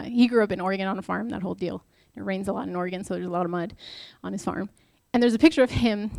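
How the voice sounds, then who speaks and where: Her voice is medium in pitch, creaky and darkish, captured in a dry recording. The young woman gives a candid, chatty devotional talk at church, sharing personal stories and posing rhetorical questions.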